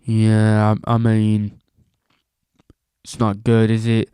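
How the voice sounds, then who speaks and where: A man putting on a poor Australian accent to play a glum, unenthusiastic middle-aged football manager, mumbling flatly and hesitantly. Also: lowish voice, slow pace, clear, resonant tone, no room sound, studio quality, pitched below the performer's own voice. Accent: Australian (deliberately poor attempt).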